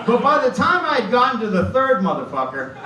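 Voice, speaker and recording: Animated comic on stage. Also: male voice, very high voice, brisk, recorded from a distance. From Boston. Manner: animated, storytelling. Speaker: stand-up comedian. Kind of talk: stand-up set. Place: comedy club stage with live audience. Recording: roomy club recorded from afar.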